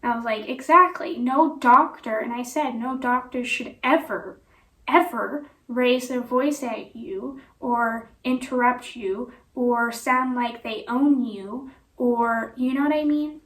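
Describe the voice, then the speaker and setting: A woman's voice: on the high side, takes it slowly, a bit bright. A woman telling a personal story on her vlog in a rambling way, full of "you know" and "like". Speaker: vlogger. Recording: echoey room, voice from a distance.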